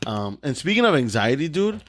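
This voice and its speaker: A man's voice: medium pitch, sing-song, a little fast, fairly bright tone, a little hiss or hum. A man co-hosting a casual comedy podcast, rambling through stories, cursing freely and laughing often. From Mexican-American. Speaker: podcast co-host.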